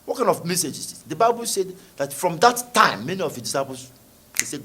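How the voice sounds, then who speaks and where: A man's voice: on the high side, big pitch swings, brisk, sharp tone, a little hiss or hum. A man preaching a sermon, reading scripture aloud and then expounding it with emphatic rhetorical questions. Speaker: preacher and author.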